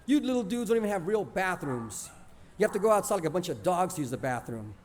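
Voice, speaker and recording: A man's voice: high voice, big pitch swings, fast talker, a little hiss or hum. A man putting on a mocking teen boy with surfer slang. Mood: taunting. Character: boastful teenage boy cousin from California.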